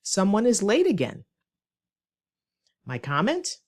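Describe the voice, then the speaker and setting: A woman English teacher, giving a clear, demonstrative lesson and acting out short example lines. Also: deep voice, sing-song. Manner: slow, clear, demonstrative delivery with acted examples. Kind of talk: scripted ESL lesson.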